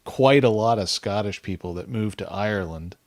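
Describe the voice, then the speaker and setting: Low-voiced man explaining in casual chat. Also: normal speed, darkish tone, no room sound.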